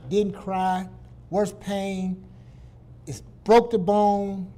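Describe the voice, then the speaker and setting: A man's voice: sits high, extremely slow. A man from Detroit, a guest doctor, telling a personal story in casual talk and acting out the people he quotes. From Detroit, USA. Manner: animated, acts out the people he quotes.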